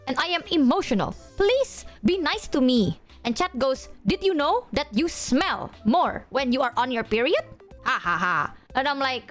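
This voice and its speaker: A woman's voice: sits high, a bit bright. A young woman streaming and chatting casually with her viewers, bubbly, laughing often and swearing freely.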